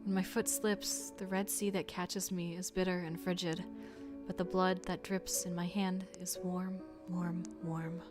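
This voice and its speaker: A woman's voice: fairly low pitch, flat delivery, measured pace, music in the background, lightly acted. Woman reading as a man haunted by memory. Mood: somber. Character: grown man recalling a childhood tragedy. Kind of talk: reading game narration aloud.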